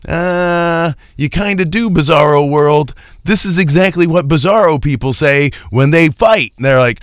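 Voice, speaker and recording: A man's voice: a little high, moderate pace, no echo, clean studio sound. A man telling a profane comedic story in casual chat, acting out quoted lines. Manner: profane, animated, acts out quotes.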